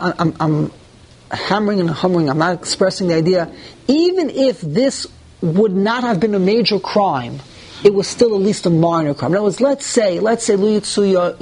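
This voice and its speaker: Reading verses before explaining them, a man leads a Torah class in a high, slightly rough voice. His animated teaching mixes rhetorical questions and mock dialogue, with occasional restarts and searching for words.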